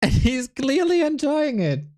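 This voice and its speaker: A woman's voice: high-pitched, very animated, unhurried, darkish tone. A woman casting a game stream, chatting casually in a laid-back, self-mocking way and laughing often. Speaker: esports caster.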